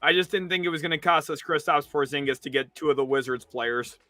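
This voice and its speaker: A young man rants in exasperation on a live sports stream, his voice pitched high and bright with a tense edge. He jumps from loud outbursts to low mutters. The sound is dry and close, with faint music underneath. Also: fast, dry recording. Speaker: sports livestream host. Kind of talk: live reaction commentary.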